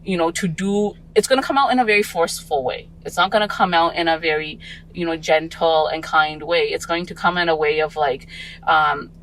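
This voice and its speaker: A woman's voice: sits low, brisk, fairly bright tone, a little hiss or hum, poor audio. A woman in her forties, a parent talking as a podcast guest, reflective and rambling with many fillers. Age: 40s. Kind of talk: casual podcast conversation.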